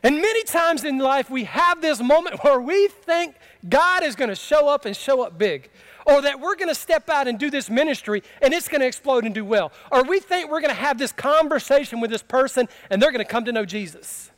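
A man's voice: very high voice, expressive, brisk, a bit bright. A man preaching a sermon in a conversational, humorous way, telling a story from his own life and asking the congregation questions. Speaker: pastor.

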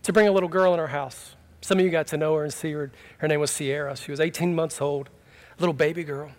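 A middle-aged pastor preaching a sermon, swinging from impassioned emphatic cries to quiet, low storytelling. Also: male voice, fairly even intonation, fast talker.

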